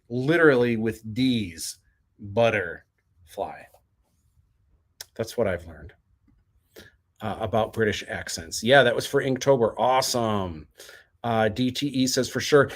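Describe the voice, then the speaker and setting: A man hosting a relaxed livestream, reading out viewers' comments and answering each one in a loose, chatty way. His voice sits at an ordinary middle pitch, and he speaks from indoors while he works at a table. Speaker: livestream host. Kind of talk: casual livestream chat.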